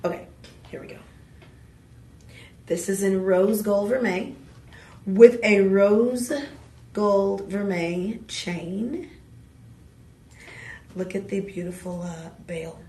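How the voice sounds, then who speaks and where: A woman hosting a live home shopping show, pitching jewelry in a chatty, exuberant way with playful asides. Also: fairly even intonation, slow pace, long pauses, dark tone. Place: TV shopping studio. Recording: roomy studio sound, mic at a distance.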